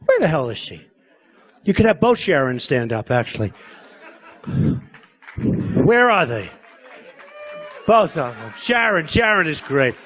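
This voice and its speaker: A man's voice: a little high, big pitch swings, a little slow, pauses often, fairly bright tone. A man in his sixties giving a rambling, boastful campaign speech at a convention, full of repetition and asides to the crowd. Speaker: political candidate speaking at a convention. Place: convention hall stage.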